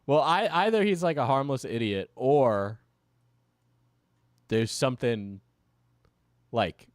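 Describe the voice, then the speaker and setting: A man's voice: mid-range voice, animated, slow, clear, resonant tone, no room sound, studio quality. A man streaming and reacting to a video, chuckling and rambling through casual asides.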